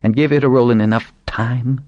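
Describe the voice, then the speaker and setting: A man voicing a commanding, sharp-witted woman who leads dragonriders in an audiobook, speaking firmly and persuasively. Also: medium pitch, fairly even intonation, brisk, no room sound, muffled recording, pitched above the performer's own voice, lightly acted. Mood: resolute.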